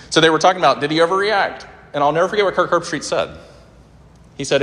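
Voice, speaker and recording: A man's voice: fairly high pitch, lively intonation, fast, a bit bright. A man preaching a sermon in an earnest, conversational way, with fillers and restarts. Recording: hall reverb with faint ambience.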